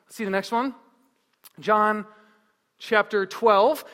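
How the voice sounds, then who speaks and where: A man preaching a sermon as pastor, telling stories in a lively way and asking the crowd one question after another. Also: high voice, takes it slowly, long pauses, clean tone, big-room sound. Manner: lively storytelling with repeated rhetorical questions.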